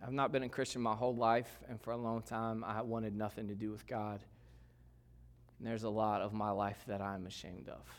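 A middle-aged pastor preaching a sermon in a church, conversational and joking, with asides to the congregation. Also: male voice, on the low side, flat delivery, normal speed.

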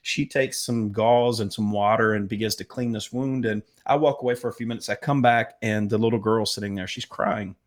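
A man telling a story as a guest in an interview, earnest and halting with fillers. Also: on the low side, steady tone. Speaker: medical missions guest.

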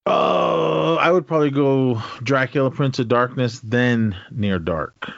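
A man's voice: mid-range voice, a little slow, creaky, no room sound, highs cut off. A man co-hosting a podcast, talking emphatically about his favorite films. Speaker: podcast co-host. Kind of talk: casual chat.

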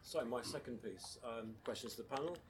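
A man hosting a show, presenting facts in a dry, measured way. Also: mid-range voice, very noisy. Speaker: host.

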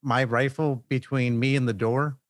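A man speaks in an easygoing, measured way while chatting with an old comrade. His pitch sits in the middle for a man. The recording is dry, with no room sound. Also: steady tone, dry recording. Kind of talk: casual conversation.

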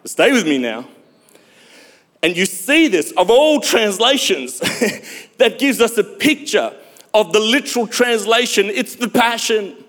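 A male pastor preaching a sermon, emphatic, with dramatic pauses and sudden loud swells. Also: high-pitched, lively intonation. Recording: long hall reverb.

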